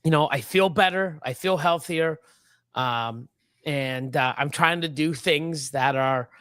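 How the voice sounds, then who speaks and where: A man in his fifties hosts a casual chat in a slightly high voice. His talk rambles and swears, with frequent laughs. The sound is close and dry. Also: takes it slowly, a bit bright, smooth, no echo. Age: 50s. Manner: rambling, profane, laughs often. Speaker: livestream host.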